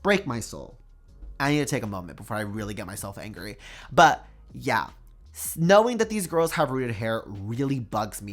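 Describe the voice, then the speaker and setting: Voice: mid-range voice, big pitch swings, moderate pace, faint music behind. A doll collector vlogger giving an emphatic, dramatic opinion rant to camera, repeating words for effect and using "like" often. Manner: emphatic, dramatic repetition, frequent "like".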